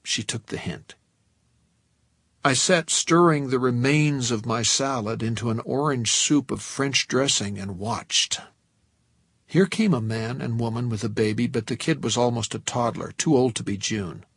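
A man narrating a novel in the first person, measured and tense. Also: mid-range voice, fairly bright tone, dry recording. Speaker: audiobook narrator.

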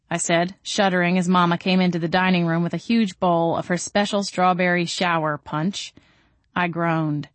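A woman reading a first-person novel aloud in a calm, measured audiobook narration. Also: lowish voice, no echo.

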